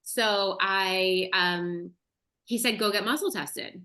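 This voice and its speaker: A woman's voice: mid-range voice, slow pace, bright, forceful tone. A woman guest on a podcast, candidly and expressively telling her personal story.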